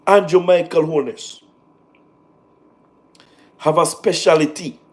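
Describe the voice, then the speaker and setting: A man with a Jamaican accent, talking about politics on a casual livestream, animated and repetitive, mixing patois in. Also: high voice.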